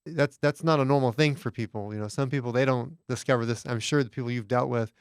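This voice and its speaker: A man's voice: medium pitch, steady tone, fast talker, clean tone, dry recording, studio quality. A man hosting a podcast interview who laughs often and restarts his questions as he goes. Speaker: podcast host. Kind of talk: casual interview.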